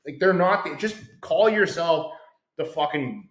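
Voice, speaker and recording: A man co-hosting a casual sports podcast, talking in a rambling, excitable way and swearing freely. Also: on the high side, takes it slowly. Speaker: podcast co-host. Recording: echoey room.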